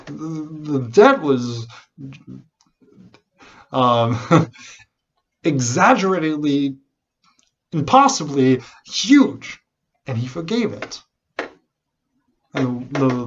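Man, pastor, sermon, slow unhurried delivery, dull lo-fi sound. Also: medium pitch, husky. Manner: animated preaching with repeated restarts.

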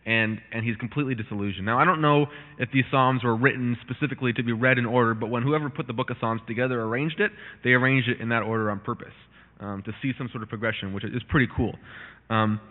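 A man gives a relaxed Bible teaching, chatting with plenty of fillers and restarts and reading scripture aloud with mounting intensity. His voice sits at an ordinary pitch for a man. The sound is thin and phone-like, with a long reverb trailing behind him. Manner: conversational, with many fillers and restarts.

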